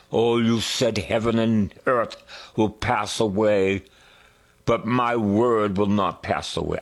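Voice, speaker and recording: A man's voice: lowish voice, slow, gravelly. A man preaching a sermon who sings hymn lines, swells on key words and drops to whispers.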